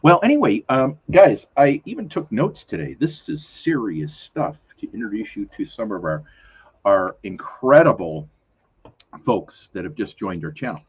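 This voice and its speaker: A low, husky man talks through a weekly live stream, rambling and correcting himself, his pitch swinging up and down as he goes. The audio is dull and lo-fi, like a home setup. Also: sing-song, measured pace. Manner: rambling, self-correcting, chatty, with many fillers. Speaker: host of a weekly live community show. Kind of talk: casual live-stream chat.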